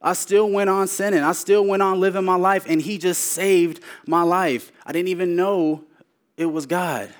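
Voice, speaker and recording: A man preaching his personal testimony, repeating phrases for emphasis and moving between raised, urgent lines and hushed ones. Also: sits high, steady tone, moderate pace. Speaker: speaker sharing his testimony.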